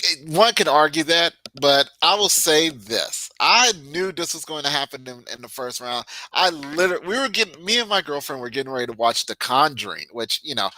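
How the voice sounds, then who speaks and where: A man's voice: a little high, no room sound, low-quality recording. A man co-hosting a combat sports podcast, giving casual, emphatic opinions and stories. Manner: animated, emphatic storytelling. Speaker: podcast co-host.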